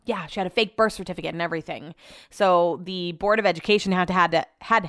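A fast-talking woman with a lowish, slightly bright voice runs a podcast from her home office, using a podcast microphone. She shares news and personal updates casually, swearing at times and fumbling words, and the studio-quality sound has no room tone.

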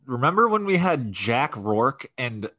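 A man's voice: mid-range voice, very animated, unhurried, sharp tone, no echo. A young man co-hosting a casual podcast, laughing easily. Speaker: podcast co-host.

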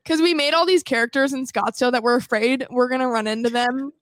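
A woman's voice: sits high, fast, fairly bright tone, no room sound, rough recording. A woman in her twenties co-hosting a podcast, teasing her friends and steering the chat. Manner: teasing, leads the talk and sets up topics. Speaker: podcast co-host. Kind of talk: casual chat.

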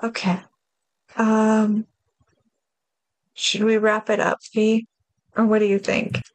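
A woman's voice: medium pitch, level tone, slow pace, no room sound. Chatty woman podcast host, dry mic. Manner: upbeat and chatty, steers the conversation. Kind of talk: casual chat.

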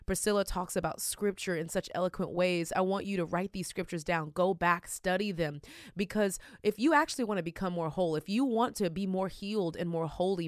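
A woman with a Texan accent hosting a faith podcast, talking in a loud, energetic and emotional way. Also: fairly low pitch, no room sound, clean studio sound. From Texas. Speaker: podcast host. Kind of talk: casual podcast chat.

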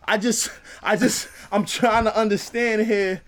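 A man's voice: high voice, fairly even intonation, a little slow, a bit bright. A man co-hosting a podcast, telling a story in a teasing, joking way with playful mock-preacher asides. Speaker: podcast co-host. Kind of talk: casual chat.

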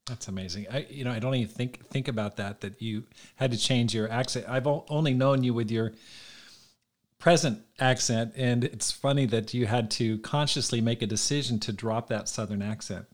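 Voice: mid-range voice, normal speed. An interviewer asking questions in a conversational interview, attentive and affirming, often restarting phrases.

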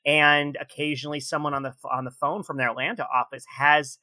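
A man's voice: a little high, level tone, fairly quick, bright, forceful tone. A man hosting a podcast in casual chat, talking enthusiastically with emphatic exclamations. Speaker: podcast host.

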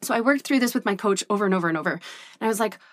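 A woman's voice: mid-range voice, lively intonation, very fast, a bit bright, no room sound, clean studio sound. A woman in her thirties talking to camera in a candid, casual vlog, chatty and full of "like" and "right?". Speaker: business coach and vlogger.

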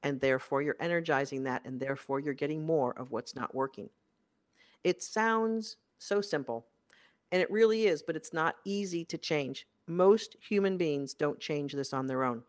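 A career coach delivering an emphatic motivational monologue, repeating key phrases for effect. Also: normal speed. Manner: emphatic and repetitive, with big swings in pitch and loudness.

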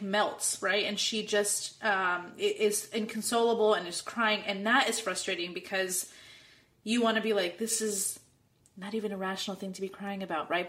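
A woman's voice: mid-range voice, fairly bright tone. A woman, a mother, reflecting in casual conversation on her children's tantrums. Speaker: guest, mother.

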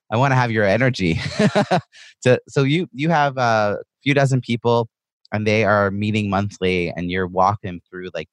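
Male podcast host, very deep voice, thoughtful, affirming interviewer, dry close sound. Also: dry recording. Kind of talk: interview conversation.

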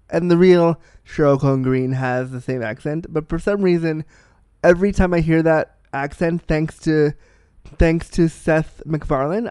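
A man in his thirties talks through a film in a loose, candid way, blunt and freely profane. His voice sits a little high for a man and comes through smooth and resonant. The sound is close and dry, with no room around it. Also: warm tone, dry recording. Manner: blunt, profane, self-deprecating storyteller. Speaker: film reviewer. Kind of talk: candid casual film review.

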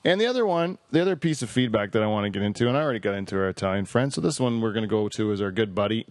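A man's voice: on the low side, lively intonation, very fast, background noise. A man hosting a podcast in a casual, jokey and rambling way, reading listener feedback aloud. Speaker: podcast host.

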